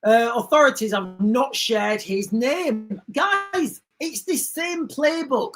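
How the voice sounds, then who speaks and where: A woman's voice: fairly high pitch, lively intonation, takes it slowly, soft background music, low-quality recording. A woman hosting a livestream, talking in an indignant, rambling way and often repeating herself. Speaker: livestream host. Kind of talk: casual livestream commentary.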